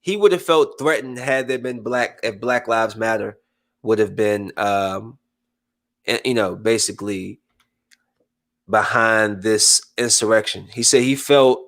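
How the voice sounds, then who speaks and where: The host of a casual podcast chat speaks a little slowly in a fairly low voice. He's animated throughout and acts out quoted people's voices.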